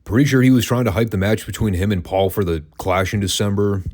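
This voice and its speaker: A man's voice: on the low side, fast talker, a little mellow. A man hosting a wrestling podcast, reviewing old matches in a casual, dry and sarcastic way.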